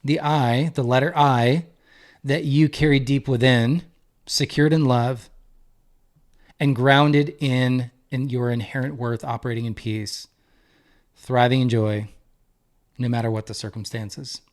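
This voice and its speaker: A man's voice: mid-range voice, fairly even intonation, measured pace, pauses often. A man in his thirties, a marriage coach, giving an earnest, emphatic faith-based talk and repeating key phrases for weight. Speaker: marriage coach and podcast co-host.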